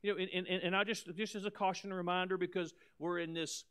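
A man preaching a sermon as pastor, emphatic, repeating words and swinging between loud and soft. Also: high voice, level tone, fairly quick, smooth.

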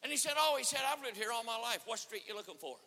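A man preaching at a conference, telling a story with acted-out dialogue and rising to shouts. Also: very high-pitched, fast talker. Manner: animated, acts out dialogue, swells to shouting. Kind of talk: sermon storytelling. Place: church or conference hall. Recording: reverberant hall.

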